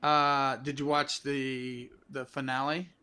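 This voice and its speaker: A man's voice: medium pitch, flat delivery, slow, sharp tone, clean tone. A man in casual podcast chat, joking and emphatic.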